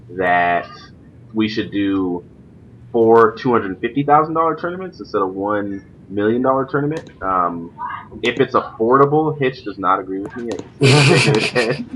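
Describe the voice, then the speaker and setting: Low-voiced young man hosting a stream. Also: animated, normal speed, fairly bright tone, a little hiss or hum, poor audio. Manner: rambling, many fillers. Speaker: stream host. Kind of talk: casual gaming chat. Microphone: voice call.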